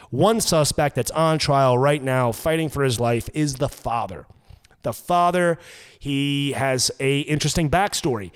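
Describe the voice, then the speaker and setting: A man's voice: mid-range voice, in a large hall. A man with a New York accent, co-hosting a podcast and ranting profanely for comedy. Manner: loud, fast-ranting, profane. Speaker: podcast co-host.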